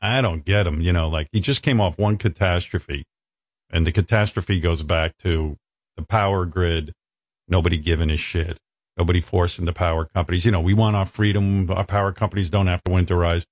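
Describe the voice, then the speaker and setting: A man's voice: sits low, fairly even intonation, a little fast, dry recording. A male radio host in casual studio banter, riffing with sarcastic, profane exaggeration into a close microphone.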